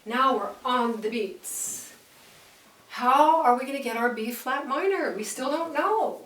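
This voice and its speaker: Slow-talking woman teaching piano. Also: high-pitched, animated. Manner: counts beats aloud while playing, enthusiastic. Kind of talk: piano lesson demonstration. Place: room with a piano. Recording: roomy, mic at a distance, piano playing.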